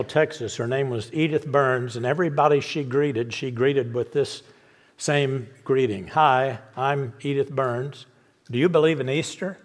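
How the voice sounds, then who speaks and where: A man pastor telling a story in a sermon and then leading a prayer, stretching out words for emphasis. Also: medium pitch.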